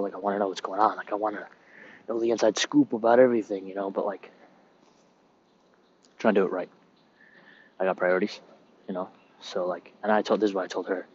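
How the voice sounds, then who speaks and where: Low-voiced young man rambling outdoors. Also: flat delivery, quick pace, long pauses, a little mellow, dull audio, a little hiss or hum. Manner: rambling, loose and profane. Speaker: sailor recording a podcast. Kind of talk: casual rambling monologue while walking. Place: outdoors on a military base, cold.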